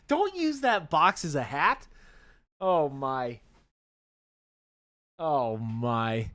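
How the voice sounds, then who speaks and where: A man's voice: medium pitch, huge pitch swings, takes it slowly, long pauses, fairly bright tone, no room sound. A man co-hosting a hobby painting livestream, teasing his co-host and laughing often, with playful announcer bits. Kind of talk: casual banter on a painting livestream.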